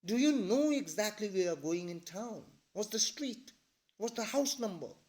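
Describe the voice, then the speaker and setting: A man's voice: sits high, lively intonation, normal speed, darkish tone, voice pushed up. A man voicing a fussy, concerned elderly woman who pries with questions. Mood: prying.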